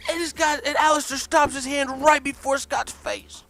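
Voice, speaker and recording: A man improvising a comic fight story, animated, excitable and full of swearing. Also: very high voice, moderate pace, creaky, soft background music.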